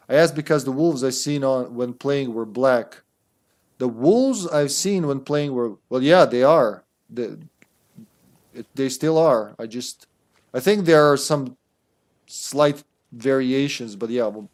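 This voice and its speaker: A man's voice: mid-range voice, takes it slowly, darkish tone. A man streaming a video game, chatting casually and rambling with lots of fillers and restarts. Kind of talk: casual gameplay commentary.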